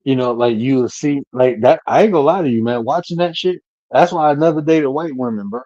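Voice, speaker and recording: A man talking bluntly and profanely from home on a live-stream panel, telling animated stories with laughter. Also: mid-range voice, brisk, dry recording, lo-fi sound.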